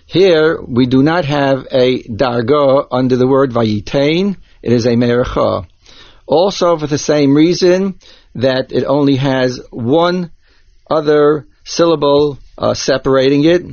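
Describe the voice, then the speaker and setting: Slow, methodical man teaching chant. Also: mid-range voice, darkish tone. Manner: slow, methodical, careful step-by-step explaining. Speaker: teacher of Torah cantillation. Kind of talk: instructional explanation with chanted examples. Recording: dull lo-fi dry recording.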